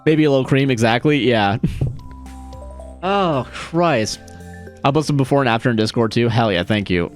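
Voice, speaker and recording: A man's voice: medium pitch, normal speed, long pauses, faint music behind. A young man casually chatting on a live stream, ranting with a lot of swearing and laughing at his own jokes. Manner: profane, ranting, self-mocking, laughs often.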